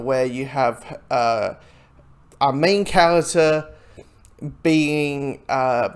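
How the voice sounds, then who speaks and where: A man talks through his take on a movie in a loose, casual way, wandering from point to point. His voice swings up and down a lot as he goes, and now and then he slips into the voices of the people he is quoting. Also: on the high side. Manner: rambling, acts out quoted lines. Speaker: film reviewer. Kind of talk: casual spoken movie review.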